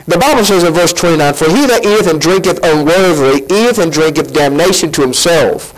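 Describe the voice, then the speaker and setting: A man preaching from the pulpit in a high, bright-sounding voice. He speaks animatedly, firing off rhetorical questions with sudden leaps in pitch. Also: brisk, hardly any pauses, poor audio. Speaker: pastor. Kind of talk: sermon.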